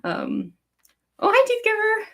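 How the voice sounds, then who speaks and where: Extremely high-pitched and swooping wildly, this young woman's voice has vocal fry and an unhurried pace. She hosts a live Q&A as a fanfic author in a casual livestream chat, a Chicago native who sounds Californian, with a rambling, giggly valley-girl manner and lots of likes and ums.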